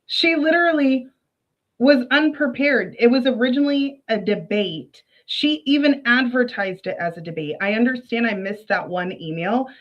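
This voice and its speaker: A woman's voice: on the high side, normal speed, lo-fi sound. A woman streamer giving casual, indignant commentary with frequent laughs. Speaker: streamer reacting to a clip.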